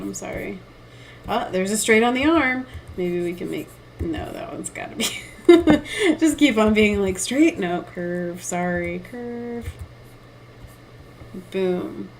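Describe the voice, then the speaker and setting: A young woman artist live-streams while painting, thinking aloud and reading the chat in a giggly, self-deprecating way. Her voice is mid-range, and the rough recording carries a little hiss or hum.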